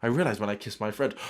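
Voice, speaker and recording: A man reading a fan story aloud and breaking off for dry, sarcastic comments. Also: on the low side. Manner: dry sarcastic interruptions, mock outrage. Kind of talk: comedic reading with sarcastic asides.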